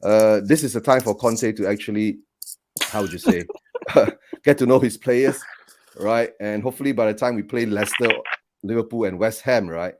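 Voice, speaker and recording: A man's voice: lowish voice, moderate pace, a little mellow, a little hiss or hum. A man chatting casually about football, agreeable and rambling, laughing often.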